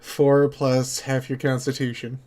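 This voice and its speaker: A man's voice: mid-range voice, flat delivery, a little slow, darkish tone. A man narrating as game master of a tabletop game, often restarting his phrases as he voices the characters.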